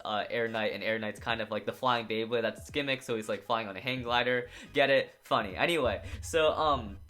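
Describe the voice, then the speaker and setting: A man's voice: fairly high pitch, bright, forceful tone. A man casually recapping and reviewing an anime episode, rambling with lots of filler words.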